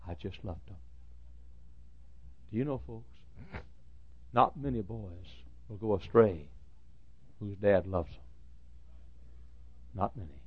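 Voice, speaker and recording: A man in his fifties preaching a sermon, dropping to a hushed storytelling voice and then rising to fervent shouts. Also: lowish voice, slow, long pauses, lo-fi sound. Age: 50s. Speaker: pastor.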